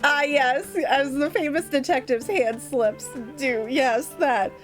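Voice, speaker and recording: Brief: bubbly woman streamer, high and giggly, lo-fi music under her chat. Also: slow pace. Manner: giggly, laughs often. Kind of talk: casual live-stream chat. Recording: lo-fi music playing behind.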